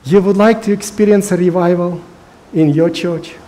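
A man's voice: sits high, fairly even intonation, moderate pace, dark tone. Earnest preaching man, non-native English. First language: not English. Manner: earnest, emphatic preaching with frequent hesitations. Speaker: pastor. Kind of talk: sermon.

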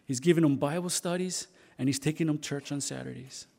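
Gravelly man preaching a sermon. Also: fairly high pitch, a little mellow. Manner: halting, repeats and restarts words. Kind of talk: storytelling sermon.

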